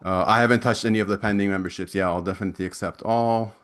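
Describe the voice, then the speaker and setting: Ex-recruiter type, low voice, loose and chatty with restarts, answering questions over a video call. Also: male voice, steady tone, fast talker, a bit bright. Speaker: webinar presenter, ex-recruiter. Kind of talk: casual Q&A from chat.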